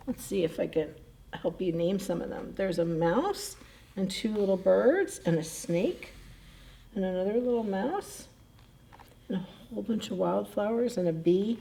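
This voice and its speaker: A woman's voice: medium pitch, animated, unhurried, creaky, warm tone. A woman, a children's librarian, reading picture books at library story time and chatting animatedly with the children, often laughing. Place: public library.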